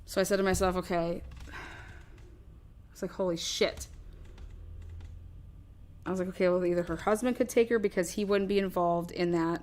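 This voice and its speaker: A woman's voice: on the low side, steady tone, fast, few pauses, a little mellow. A woman hosting a true crime show, talking through her theory in a rambling, casual way, swearing often and acting out what others might have said.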